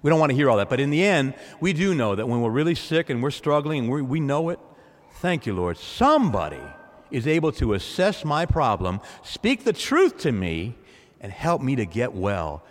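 A male pastor preaching an animated sermon to his church. He calls out to the congregation and acts out the voices in his quotes. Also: moderate pace. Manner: acts out voices in quoted lines, swings pitch and loudness widely. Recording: long hall reverb.

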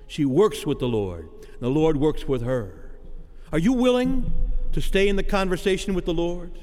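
Male preacher, dramatic sermon cadence, pitch swinging widely, lingering church-hall echo. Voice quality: dramatic preaching cadence, acting out quoted voices.

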